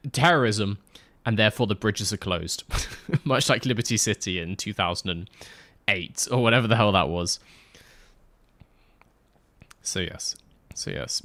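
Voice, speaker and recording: A man's voice: lowish voice, a bit bright, no room sound. A man streaming a driving game live, chatting loosely with his viewers on a close desk mic and rambling through side remarks. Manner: chatty, rambling, answers chat with asides. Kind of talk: live gameplay stream chat.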